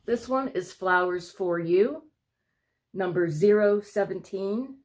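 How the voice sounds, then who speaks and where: A woman with a mid-range voice speaks slowly, vlogging from home and chatting casually to camera. Out of breath, she rambles and apologizes to her viewers while showing her paintings.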